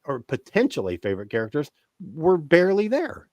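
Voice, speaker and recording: A man's voice: fairly high pitch, a little fast, dry recording, muffled recording. A man hosting a casual podcast, reading out live comments and often correcting himself mid-sentence. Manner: animated, self-correcting, apologizes for swearing. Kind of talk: casual chat.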